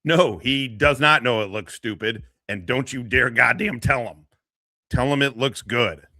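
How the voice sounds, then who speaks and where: A man's voice: medium pitch, unhurried, sharp tone, no room sound. A man hosting casual commentary on a streamer, profane and mocking, often laughing.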